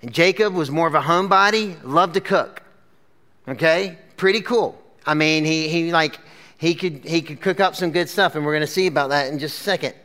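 A man's voice: fairly high pitch, normal speed, bright, forceful tone. A man preaching a casual sermon to a live crowd, telling the story in a chatty way full of "like" and "okay?". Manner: chatty, lots of fillers like "like" and "okay?". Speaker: pastor. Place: church gathering with a screen.

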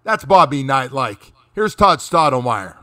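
A man hosting a sports talk show in casual chat, animated and quick to mimic others. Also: medium pitch, very noisy. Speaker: radio show host.

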